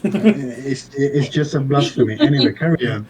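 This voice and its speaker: A man at a tabletop game speaks casually in a mid-pitched voice. He jokes around and asks the game master how things work. A faint hiss runs underneath. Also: normal speed, a little mellow, poor audio. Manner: playful, asks rules questions. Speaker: player.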